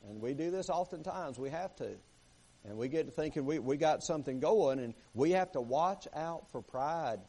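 A man's voice: a little high, a little mellow. A man preaching a folksy sermon, acting out prayers and often repeating words as he goes. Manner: folksy, repeats words, acts out prayers, rises and drops in volume. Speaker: pastor.

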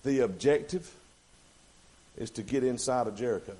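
A man preaching a sermon, folksy and plain-spoken, building to fervent, shouted passages. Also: mid-range voice, moderate pace, slightly rough.

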